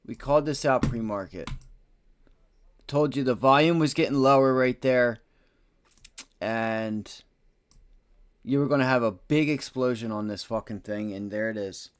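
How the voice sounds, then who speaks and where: A man hosting a live day-trading stream, cursing bluntly and swinging between low muttering and loud excited bursts. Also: a little slow, pauses often, smooth. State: frustrated. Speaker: livestream day-trading host.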